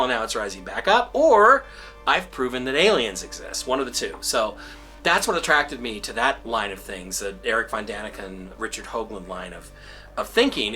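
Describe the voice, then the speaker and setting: A man's voice: mid-range voice, pushed and bright. A man interviewed for a documentary, explaining his interest in an eager, enthusiastic way. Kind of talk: casual interview talk.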